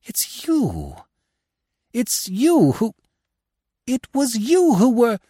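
A man voicing a weakened gentleman thief, hushed and stammering in shock. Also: medium pitch, huge pitch swings, measured pace, slightly rough, no echo, clean studio sound, heavily acted. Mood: stunned.

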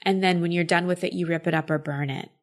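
A woman's voice: on the low side, fairly even intonation, fast. A woman coach giving advice in a casual chat, explaining thoughtfully with frequent filler words.

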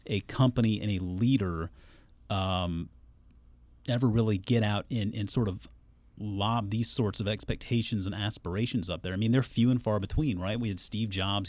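A man's voice: on the low side, no room sound. A man, an investment analyst, chatting casually and thoughtfully, often hedging his points. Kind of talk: casual chat.

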